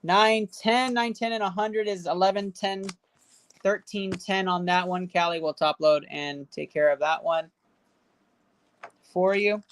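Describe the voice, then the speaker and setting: A woman with a mid-pitched voice runs a casual live stream from an indoor setup, counting up card values out loud in quick running tallies. She cheers and banters with the viewers in chat between counts. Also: steady tone, slight background noise. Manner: rattles off running card value totals aloud. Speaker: livestream host opening card packs.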